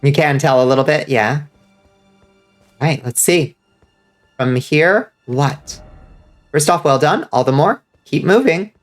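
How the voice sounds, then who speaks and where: A man with a stuffed-up nose talks his way through a game stream, chatty and excitable, cursing freely as he reacts. His voice sits a little high. Soft game music plays underneath. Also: measured pace, long pauses. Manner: excitable, swears freely, reads out chat. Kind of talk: casual gaming commentary.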